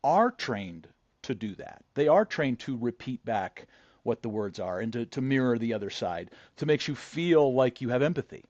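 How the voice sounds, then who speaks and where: A man's voice: medium pitch, animated, moderate pace, a little mellow, no room sound, lo-fi sound. A man as a podcast guest, a negotiator telling a story in a conversational way, often restarting and repeating words. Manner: frequent restarts and word repeats.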